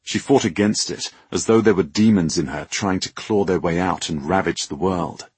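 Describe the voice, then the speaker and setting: A man reading an audiobook novel in a measured, dramatic way. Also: low-pitched, a little mellow, husky, no echo. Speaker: audiobook narrator. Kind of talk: scripted narration.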